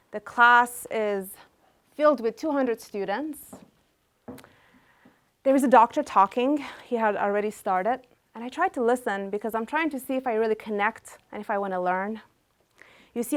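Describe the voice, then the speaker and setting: A woman chiropractor in her thirties telling a personal story with animated delivery, acting out what people said. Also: on the high side. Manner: animated, acts out quotes.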